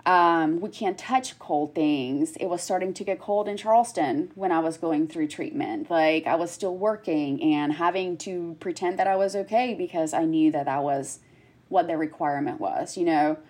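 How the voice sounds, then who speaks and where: Low-voiced woman telling her story. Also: moderate pace, darkish tone. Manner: emotional, heartfelt, many fillers. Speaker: guest, cancer survivor. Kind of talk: candid personal conversation.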